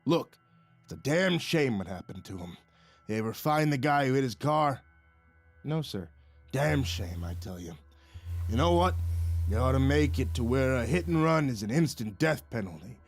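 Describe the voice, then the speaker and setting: A man doing a gruff, blunt heavy-set boss. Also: mid-range voice, very animated, moderate pace, dry recording, faint music behind. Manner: blunt, crude.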